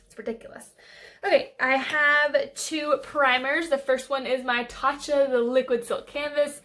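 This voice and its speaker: A woman's voice: high-pitched, level tone, a little slow, fairly bright tone, a little hiss or hum. A young woman beauty vlogger chatting casually and gushing enthusiastically about her favorite makeup. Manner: gushing, enthusiastic, lots of fillers and restarts.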